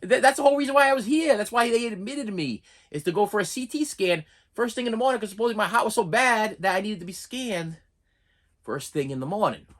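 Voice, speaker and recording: A young man telling a personal story in a casual vlog, animated and exasperated, often repeating and restarting words. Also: high voice, a little fast. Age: young adult.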